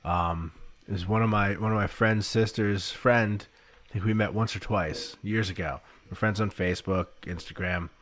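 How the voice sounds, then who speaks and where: A man's voice: lowish voice, fairly even intonation, normal speed, a bit bright. A man in his thirties, a podcast guest, telling chatty stories and acting out what people said. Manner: chatty storyteller, acts out quotes. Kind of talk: casual chat.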